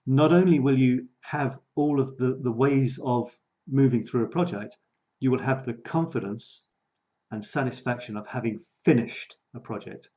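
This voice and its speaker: A man's voice: mid-range voice, moderate pace, warm tone. Chatty male coach, dull lo-fi stream. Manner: chatty, self-mocking, laughs often, repeats words. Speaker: creativity coach. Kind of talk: live-streamed coaching talk.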